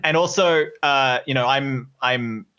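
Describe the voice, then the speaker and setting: A man's voice: medium pitch, unhurried, pushed and bright, clear, resonant tone, lo-fi sound. An Australian man with an Australian accent, a guest in a casual podcast chat, who hesitates and laughs easily.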